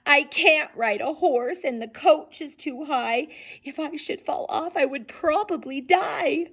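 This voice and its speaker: A woman's voice: high-pitched, unhurried, voice pushed up. A woman reading a storybook, voicing a shy, timid young boy king who whines and worries. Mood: fearful. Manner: whiny, worried pleading.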